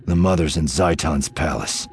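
A man's voice: a bass voice, normal speed, a little hiss or hum. A man voicing an easygoing, grinning young male rogue in an audiobook, speaking genially. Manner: genial, cheeky, a bit louder. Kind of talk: audiobook character voice.

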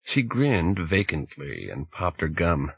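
Low, husky male audiobook narrator. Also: wildly swooping pitch, slow pace, no room sound, narrow, tinny audio. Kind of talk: scripted narration.

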